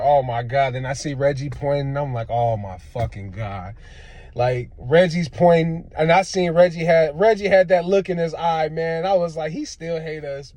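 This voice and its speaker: New fan vlogger, male, slightly high voice, dry close mic, profane and animated. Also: no echo. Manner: animated, profane, swings between groans and outbursts. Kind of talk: casual rant.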